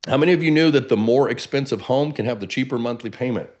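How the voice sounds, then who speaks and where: A man with a Texan accent and a baritone voice, coaching realtors in a lively, casual webinar while standing and moving around. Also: quick pace, muffled recording. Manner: energetic, animated, casual. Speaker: real estate coach. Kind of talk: webinar teaching.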